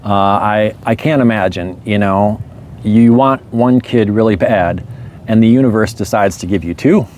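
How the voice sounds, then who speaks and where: A man telling a story in a relaxed, rambling way, chuckling often. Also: on the low side, normal speed, a little hiss or hum. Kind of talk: casual storytelling monologue.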